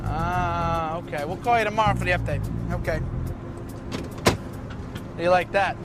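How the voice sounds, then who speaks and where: A man's voice: high voice, moderate pace, natural voice. A man playing a sly guy faking a call. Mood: breezy. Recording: movie clip with music under it.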